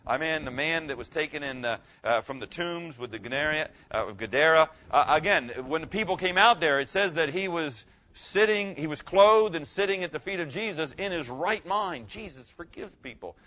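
Male pastor, fairly high, bright voice; emphatic sermon delivery, dull lo-fi recording. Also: animated, moderate pace, few pauses. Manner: emphatic, asks the congregation questions. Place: room with a congregation.

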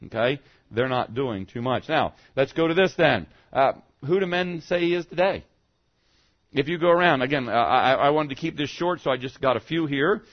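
A male pastor preaching a sermon, asking the congregation rhetorical questions and dropping his voice low for quoted speech. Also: sing-song, moderate pace, muffled recording.

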